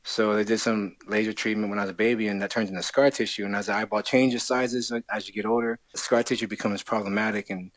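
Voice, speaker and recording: A man's voice: on the low side, little pitch movement, fast talker, hardly any pauses, no echo. A man, chatting casually as an interview guest, friendly and rambling with restarts. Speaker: guest, scholarship winner.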